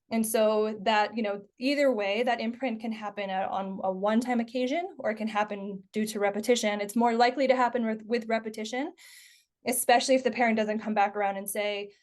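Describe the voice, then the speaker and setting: A woman in her thirties hosting a podcast, talking casually and filling her speech with "like" and "you know". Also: on the high side. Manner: chatty, many fillers like "like" and "you know". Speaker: podcast host. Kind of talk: casual conversational podcast chat.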